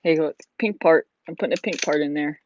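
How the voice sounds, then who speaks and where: Rambling hobby vlogger, mid pitch, filler-heavy casual chat, dull lo-fi recording. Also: fairly quick, slight background noise. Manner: rambling, lots of "like" and "you know". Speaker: vlogger building a model. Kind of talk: casual chat while building. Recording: dull lo-fi sound.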